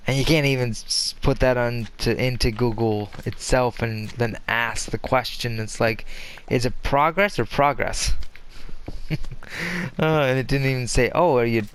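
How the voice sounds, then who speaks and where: A man's voice: medium pitch, steady tone, moderate pace, smooth. A young man chatting casually while playing a game, rambling and restarting his sentences often with lots of fillers. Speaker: gaming commentator. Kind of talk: casual gameplay commentary.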